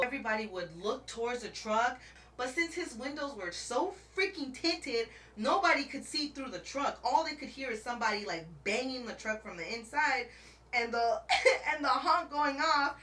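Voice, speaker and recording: A woman's voice: mid-range voice, sharp tone, roomy sound, distant mic, slight background noise. A woman vlogger telling a dramatic story in a casual chat, laughing often and calling the viewer bestie while she paints her nails.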